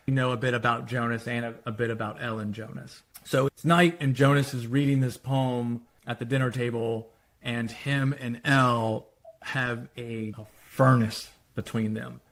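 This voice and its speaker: Guy casually walking thru his screenplay, loose chatty retelling, mid-pitched voice. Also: fairly bright tone. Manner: casual, loose retelling with restarts and quoted dialogue. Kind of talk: spoken screenplay treatment.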